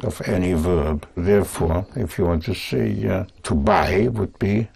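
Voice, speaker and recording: A man teaching a language lesson, speaking patiently and deliberately in short phrases. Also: low voice, gravelly, a little mellow, husky.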